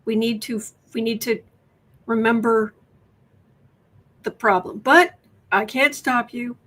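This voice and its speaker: Speaking slowly in a steady, fairly bright and fairly high voice, an American tarot reader runs a relaxed livestream. She reads out viewer questions, chatting and musing aloud as she goes, recorded through a webcam microphone.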